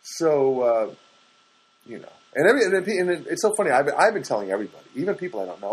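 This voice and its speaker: A man's voice: a little high, sing-song, fast, breathy edge, rough recording. A man from the US East Coast talking casually in a rambling solo monologue, chatty and self-deprecating, often putting on comic voices for other people.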